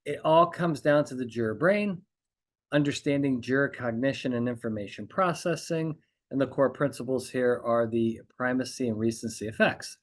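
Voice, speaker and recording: A man's voice: mid-range voice, moderate pace. Emphatic man coaching on courtroom speaking. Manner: emphatic, repeats phrases and checks in with "okay?". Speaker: trial consultant podcast host.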